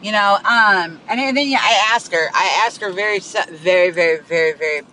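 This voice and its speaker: A man's voice: high voice, normal speed, bright, forceful tone, slight background noise, poor audio. A man hosting a podcast, venting in a heated, profane monologue from his car and repeating himself as he goes. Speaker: podcast host.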